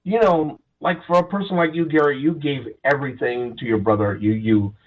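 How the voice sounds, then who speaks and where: A man's voice: medium pitch, steady tone, a little fast, highs cut off. A man hosting a casual conversation, speaking in a consoling way and often restarting his sentences. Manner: consoling, keeps restarting with "the thing is".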